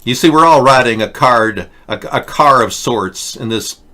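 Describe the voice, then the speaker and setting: A man with a bright, forward voice hosts a satirical politics show. He rambles through mocking, sarcastic rants at a middling pitch. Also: lively intonation, moderate pace. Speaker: host.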